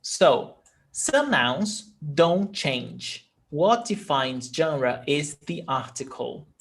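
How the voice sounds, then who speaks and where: A man's voice: a little high, very animated, drawn-out words, gravelly, a bit bright. A man from Brazil teaching a Portuguese lesson, patiently repeating each word for his students. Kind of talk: language lesson explaining grammar.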